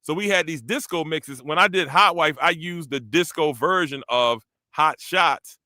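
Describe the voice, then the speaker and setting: A man hosting a casual chat, animated, breaking into sung demonstrations of vocal ranges. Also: a little high, a little slow, no echo, studio quality. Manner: animated, breaks into singing demos. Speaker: podcast host and parody songwriter.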